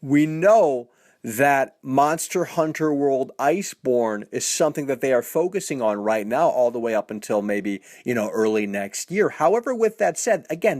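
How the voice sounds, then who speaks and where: A man's voice: on the high side, no echo, studio quality. A man hosting a gaming news channel, talking casually to viewers and often calling them folks. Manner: animated, addresses viewers as folks; repeats "you know what I mean". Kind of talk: casual video commentary.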